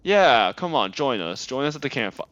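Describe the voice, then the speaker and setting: A young man doing emotional, excitable let's-play commentary on a game. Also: medium pitch, moderate pace, dry recording, muffled recording. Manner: excitable, emotional, gasping reactions. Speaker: game streamer.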